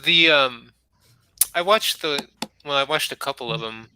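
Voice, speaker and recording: A man's voice: mid-range voice, a little slow, pushed and bright, a little hiss or hum, rough recording. A man chatting casually during an online poker game, giving frank, rambling feedback full of fillers. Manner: frank, thinks aloud with many fillers.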